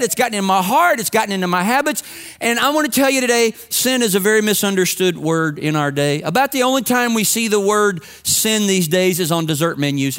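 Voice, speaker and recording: A man's voice: high-pitched, a bit bright, clean tone. A man preaching a sermon to his congregation in a conversational, humorous storytelling way. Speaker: pastor. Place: church sanctuary with congregation.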